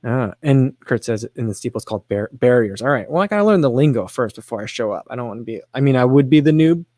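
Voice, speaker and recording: A man in an ordinary middle pitch, talking casually to his livestream audience. He rambles with restarts and fillers and pokes fun at himself. The sound is dry and close, with no room echo. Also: animated, fast, dark tone. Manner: rambling, self-deprecating, with frequent restarts and fillers. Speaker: livestream host reading chat questions.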